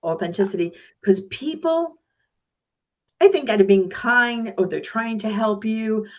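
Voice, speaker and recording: A woman's voice: a little high, a little slow, muffled recording. A woman who is a guest speaker on a podcast interview, telling stories with energy and acting out the voices of the people in them. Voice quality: animated storyteller, acts out voices in anecdotes.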